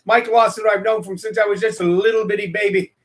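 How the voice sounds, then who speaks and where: High-voiced rambling showman host. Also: steady tone, quick pace. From Missouri, US. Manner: playful showman, rambling with many fillers. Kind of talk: live-streamed comedy talk show.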